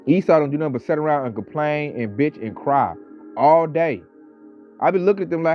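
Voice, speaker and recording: A man delivering a casual ranting monologue, talking with animated, mocking energy and mimicking coworkers. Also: on the high side, normal speed. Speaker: online commentator. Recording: slightly dull audio, faint background music.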